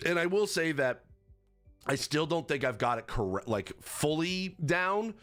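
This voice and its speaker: A man's voice: fairly high pitch, lively intonation, unhurried, a bit bright, faint music behind. A man giving casual game commentary as a reviewer, rambling with many fillers, restarts and self-corrections. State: has the hiccups. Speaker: gaming accessibility reviewer.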